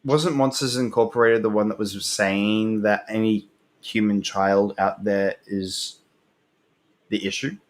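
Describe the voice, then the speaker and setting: A man's voice: on the low side, fairly even intonation, measured pace. Hesitant man musing about movies. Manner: hesitant, many restarts and fillers, speculative. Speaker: podcast co-host. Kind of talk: casual chat about movies.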